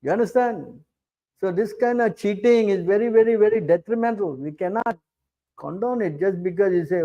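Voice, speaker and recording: A middle-aged man preaches a scripture class, pressing his listeners with pointed rhetorical questions. His voice sits a little high but sounds warm and mellow. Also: brisk, muffled recording. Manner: challenging, asks rhetorical questions often. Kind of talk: sermon.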